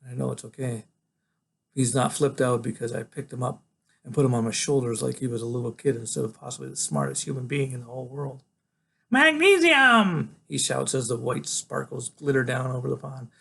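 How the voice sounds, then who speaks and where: A man, a teacher, reading a novel aloud in a relaxed, conversational storytelling way. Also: mid-range voice, brisk, gravelly, husky.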